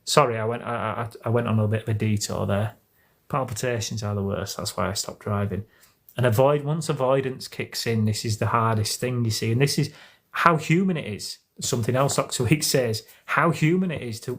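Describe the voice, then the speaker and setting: A man's voice: medium pitch, moderate pace, vocal fry. A man with an English accent hosting a casual live stream at home, talking earnestly and rambling with many restarts. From England. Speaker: host of a live stream on anxiety recovery.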